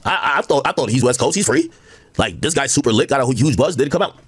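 A man's voice: mid-range voice, lively intonation, quick pace, a bit bright, slightly rough, no echo, studio quality. A man talking on his own stream in a casual, rambling way, explaining gossip with quoted asides. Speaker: internet commentator in a played clip.

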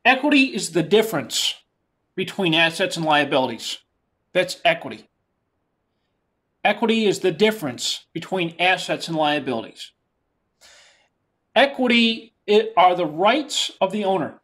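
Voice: mid-range voice, big pitch swings, measured pace, pauses often, a bit bright. Lecturer with a New York accent. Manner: repeats key terms, plain explanatory delivery. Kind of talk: classroom lecture.

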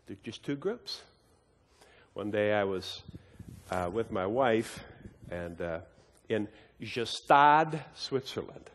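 A man's voice: on the low side, animated, takes it slowly, long pauses. Earnest man preaching in a reverberant hall. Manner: earnest, emphatic, often repeats and restarts words. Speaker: Bible study teacher. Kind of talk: sermon with personal storytelling.

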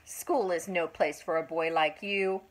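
A sly male fox sneers and schemes in a storybook, voiced by an older woman reading aloud. The delivery is slow and a little husky. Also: fairly low pitch, steady tone, pitched below the performer's own voice, rough recording. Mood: sly sneering.

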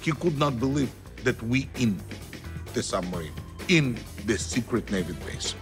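A man of middle pitch looks back on events in a documentary interview. He speaks in a measured, matter-of-fact way, and faint music plays behind him. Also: animated.

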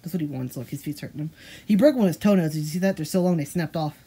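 A woman's voice: sits low, racing, mellow, breathy edge. A woman vlogging casually about her day, chatting and talking playfully to her pets. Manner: chatty, playful, talks to pets in silly voices. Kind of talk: casual family vlog chat.

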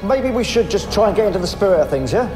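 A pompous self-important captive. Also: male voice, high voice, very animated, fast talker, in a large hall, over music. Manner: pompous, commanding. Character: self-important male contestant demanding release.

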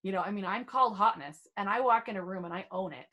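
A woman's voice: mid-range voice, fast, pushed and bright. Bubbly, self-assured middle-aged woman. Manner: bubbly, playful and self-assured, with lots of "right?" tags. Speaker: guest, beauty trainer and author. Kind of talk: casual podcast chat.

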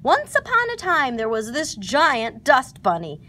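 A woman's voice: high-pitched, huge pitch swings, a little slow, bright, forceful tone, slight background noise, voice pushed up, full character voice. A woman doing a fussy, fretful rabbit. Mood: excited. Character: fussy, tidy, nervous male rabbit.

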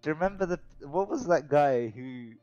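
A man's voice: on the high side, lively intonation, brisk, dark tone, clear, resonant tone, no echo, faint music behind. Laid back young guy teasing his mates, muffled voice chat sound. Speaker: gaming friend on voice chat. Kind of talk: casual gaming chat. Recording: dull voice chat audio.

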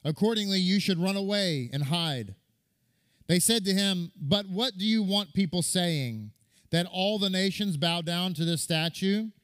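A man's voice: high voice, measured pace, a bit bright. A man, a rabbi, giving a sermon that retells a midrash, reading and quoting scripture and repeating words for stress.

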